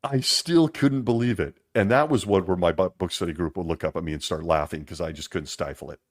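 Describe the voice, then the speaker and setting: A man hosting a casual monologue, making wry sarcastic asides and laughing as he talks, slowing down to stress points. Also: sits low. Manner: laughs often while talking; lively and animated, slowing down for emphasis. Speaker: podcast host.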